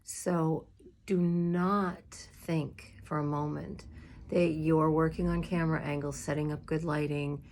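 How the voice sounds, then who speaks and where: A woman minister giving casual, heartfelt advice to fellow clergy, chatty and emotional, with fillers and small laughs, in a room with a squeaky chair. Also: level tone, unhurried, a little mellow, a little hiss or hum.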